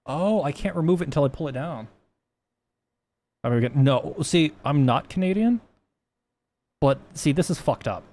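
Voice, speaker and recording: A man's voice: fairly high pitch, expressive, moderate pace, long pauses, a little mellow. Rambling, profane male streamer. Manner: rambling, profane, frequent restarts. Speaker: livestreamer. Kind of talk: casual livestream chat while coding.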